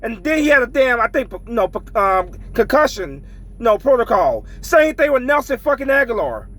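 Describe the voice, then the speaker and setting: High-voiced man ranting, frustrated. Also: sing-song, moderate pace, fairly bright tone, low-quality recording. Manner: frustrated, heavy swearing, repetitive ranting. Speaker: sports fan vlogger. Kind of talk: ranting fan commentary.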